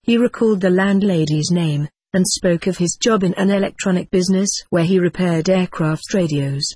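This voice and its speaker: Husky, low-voiced woman narrator. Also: dry recording. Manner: reads stage cues aloud in an even, measured voice. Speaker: narrator reading a hypnosis session transcript. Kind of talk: audiobook narration.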